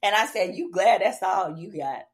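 A Southern American woman spins a personal story in casual chat, swearing freely and acting out the other people's lines. Her voice sits at a middling pitch and swings widely as she gets into the tale. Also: normal speed. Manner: animated, profane, acts out quoted dialogue. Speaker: podcast guest, attorney and comedian.

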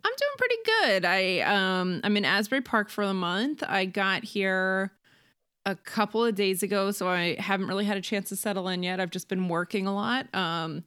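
A woman co-hosting a podcast in casual chat, easygoing and quick to laugh. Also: medium pitch, steady tone, a bit bright, smooth, no echo, clean studio sound. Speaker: podcast co-host.

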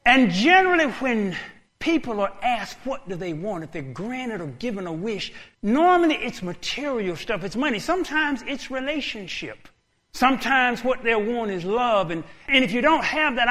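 Casting: older male pastor, animated comic sermon, bright ringing voice. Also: extremely high pitch. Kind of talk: sermon storytelling.

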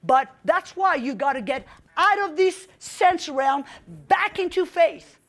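Speaking slowly in a high voice, a middle-aged woman who was a young adult in 1994 delivers a sermon. She tells a story with fervent emphasis, breaking into commanding outbursts.

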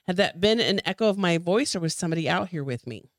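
A woman's voice: fairly low pitch, expressive, fast, dry recording, clean studio sound. A woman co-hosting a podcast, reading a ghost story aloud with dramatic flair and the odd small stumble. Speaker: podcast co-host.

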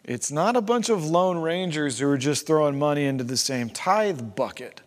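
A man's voice: on the high side, animated, normal speed. A man preaching a sermon as pastor, conversational, with rhetorical questions and asides to his congregation. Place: church sanctuary. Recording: long hall reverb.

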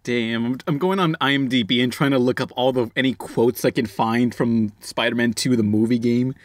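A man in casual chat with friends, excitable and swearing freely. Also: mid-range voice, moderate pace, no echo, clean studio sound. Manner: excitable, swears, laughs often.

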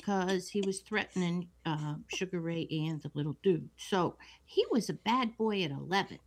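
A woman co-hosting a podcast, retelling a movie plot in a relaxed, steady way. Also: on the low side, moderate pace. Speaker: podcast co-host. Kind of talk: casual plot recap.

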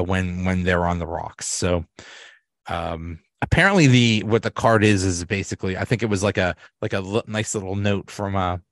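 A man with a lowish voice hosts a solo podcast, recapping episodes in a rambling, casual way. He restarts often, leans on fillers, and laughs a lot. The recording is clean studio sound with no echo.

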